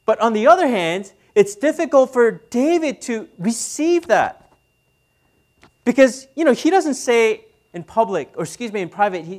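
Male pastor, thirties, sermon, conversational, checks in with the audience, sometimes hushed. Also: high voice, lively intonation, moderate pace. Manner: conversational, asks the audience questions.

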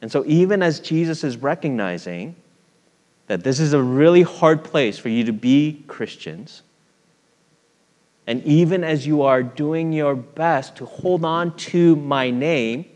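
A male pastor preaching a sermon in a conversational, storytelling way, often asking his listeners questions. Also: on the high side. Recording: long hall reverb.

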